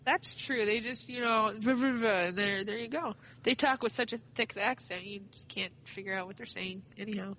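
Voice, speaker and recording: Bright-voiced woman on a podcast. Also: medium pitch, moderate pace, hardly any pauses, highs cut off, slight background noise. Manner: giggly, unsure, playful guessing. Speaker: podcast co-host. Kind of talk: casual podcast chat.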